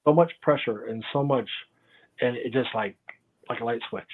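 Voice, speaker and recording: A man's voice: medium pitch, normal speed. A man telling stories as an interview guest, rambling and often losing his train of thought, heard over a video call. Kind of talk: casual interview storytelling. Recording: tinny phone-like call audio.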